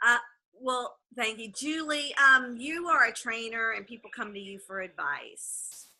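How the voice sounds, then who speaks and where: A woman's voice: on the high side, measured pace, pushed and bright. A woman leading a group coaching call, upbeat and encouraging as she talks and asks questions.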